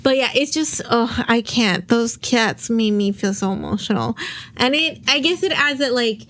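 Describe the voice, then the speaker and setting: A young woman hosting a podcast, recapping a drama in casual chat, rambling and emotional, close to tears at times. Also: medium pitch. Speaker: podcast host.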